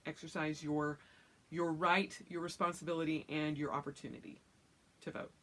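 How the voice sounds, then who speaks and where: A woman talking casually to camera as a vlogger, rambling and chatty. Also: normal speed. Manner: rambling, chatty, acts out quotes in excited high voice.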